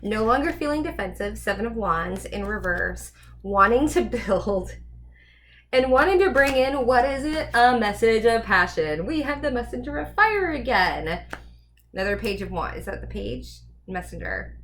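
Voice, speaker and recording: A woman's voice: fairly high pitch, very animated, moderate pace, a bit bright, slight background noise. A woman giving a casual tarot reading, chatty and rambling as she thinks aloud. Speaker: tarot reader.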